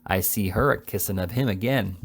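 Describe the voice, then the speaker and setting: A sly, chubby servant boy who shouts his words with blunt, solemn emphasis and rough country grammar, played by a man reading aloud. The voice stays close to an everyday man's register. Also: on the low side, fairly quick, a little hiss or hum. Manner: roaring, emphatic, rustic grammar.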